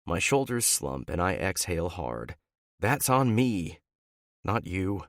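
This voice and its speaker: Low-voiced expressive male narrator. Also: slow, dry recording, clean studio sound. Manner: expressive, dramatic delivery. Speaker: audiobook narrator. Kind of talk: first-person romance narration.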